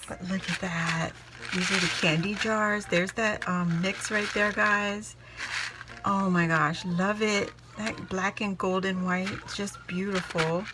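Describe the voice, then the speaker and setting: A woman chatting to camera as she unboxes a gift, gushing and excitable, often exclaiming in delight. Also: medium pitch, slow, heavy background noise. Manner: gushing, excitable, repeats "oh my gosh". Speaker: craft vlogger opening a gift package. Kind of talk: casual unboxing chat to camera.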